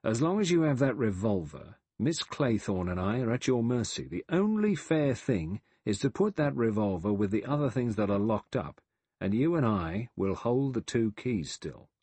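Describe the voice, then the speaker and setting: A man voicing a blunt, stolid, suspicious man in an audiobook, accusing in manner, with a low husky voice. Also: sing-song, normal speed, warm tone, no echo, exaggerated voice. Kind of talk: audiobook character voice.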